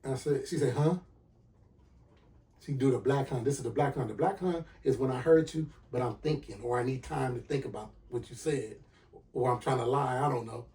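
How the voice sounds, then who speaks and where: A man hosting a podcast, telling a personal story with lively acted-out dialogue and sound effects. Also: medium pitch, brisk, distant mic. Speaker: podcast host.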